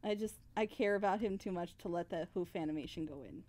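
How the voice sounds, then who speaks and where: A woman's voice: lowish voice, fast talker, a little mellow. A woman voice actress co-hosting a casual stream, effusive and giggly, laughing often as she chats.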